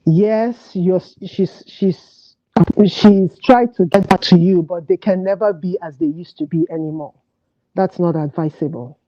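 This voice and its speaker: A low-voiced woman calls in and gives earnest advice, pausing and restarting as she works out her words. Her voice comes through a dull, lo-fi phone line. The sound is dry, with no room around it. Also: no room sound. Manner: earnest, advising, with pauses and restarts. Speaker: caller. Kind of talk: call-in advice chat. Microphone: phone call. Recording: dull, lo-fi call audio, dry.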